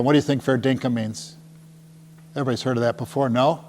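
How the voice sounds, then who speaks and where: A man's voice: mid-range voice, fairly even intonation, fast, a little mellow. Chatty middle-aged man presenting to a room. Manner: jokey and chatty, often asks the crowd "right?". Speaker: tour company presenter. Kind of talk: casual presentation to a live audience. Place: meeting room with a small audience. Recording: long hall reverb with faint hum.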